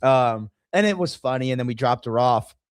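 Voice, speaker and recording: A man telling a story in an easy, profane podcast chat, mimicking the people he talks about. His voice sits at an ordinary middle pitch. The recording is dry, with no room sound. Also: lively intonation, normal speed, smooth, no echo. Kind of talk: casual storytelling.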